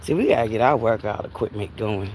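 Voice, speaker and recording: With a very deep voice and a brisk pace, a woman livestreams while walking outdoors near a river, slightly out of breath from the heat. She chats animatedly, laughs often, and greets viewers as Buttercups. Slight background noise is audible.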